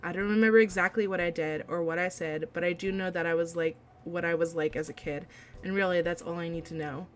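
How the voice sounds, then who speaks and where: A woman reading the lines of a bored, unimpressed teenage boy in a flat, dismissive way. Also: fairly low pitch, fast, a little hiss or hum, natural voice.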